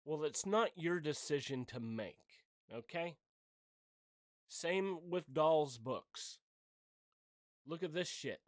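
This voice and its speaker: A middle-aged man delivers a heated opinion rant for his channel, swearing freely and talking bluntly. His voice sits on the higher side and he takes his time with the words. The sound is dry and close. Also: animated, slow, long pauses, dry recording. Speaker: channel host.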